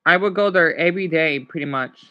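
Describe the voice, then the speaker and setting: A man's voice: on the high side, fairly quick, muffled recording. A man from Arizona, chatting casually with livestream viewers in a rambling, emotional, apologetic way. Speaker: livestream host.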